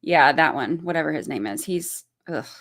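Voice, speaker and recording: A woman's voice: sits low, animated, normal speed, a bit bright. A woman hosting a livestream, giving heated commentary in blunt, profane language and repeating her points for emphasis. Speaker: channel host.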